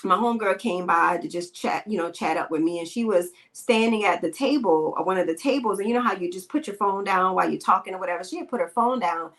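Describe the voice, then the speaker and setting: A woman's voice: mid-range voice, quick pace, hardly any pauses, a bit bright. A woman hosts a podcast and speaks bluntly in slang, with a lot of emphasis. She has a mid-range voice and talks straight into a podcast microphone, mixing casual opinions with stories. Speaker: podcast host. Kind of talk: casual opinion talk and storytelling.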